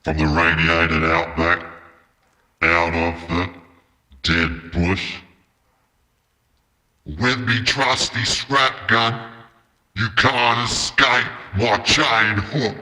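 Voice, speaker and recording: A man voicing a hulking gruff junker with a very deep, bassy Australian accent, his voice pitched down by effects. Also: little pitch movement, extremely slow, long pauses, pushed and bright, exaggerated voice. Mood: menacing. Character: huge gruff male junker brute, menacing. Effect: pitched-down vocal processing. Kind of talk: sung-spoken song vocal.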